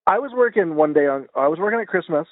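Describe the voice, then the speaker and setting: A man's voice: fairly high pitch, expressive, quick pace, no echo. A man co-hosting a podcast, telling a story in a laid-back, casual way with hesitant restarts. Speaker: podcast co-host. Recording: dry, tinny phone-like sound.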